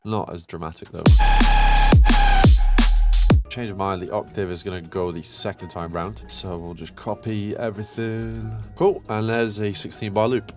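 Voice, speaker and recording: A young man, a music producer, chatting casually and upbeat as he talks through making a track in his home studio. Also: fairly low pitch. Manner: chatty, upbeat, lots of fillers and self-talk. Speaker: music producer, channel host. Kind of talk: casual tutorial commentary while producing. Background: electronic music playing.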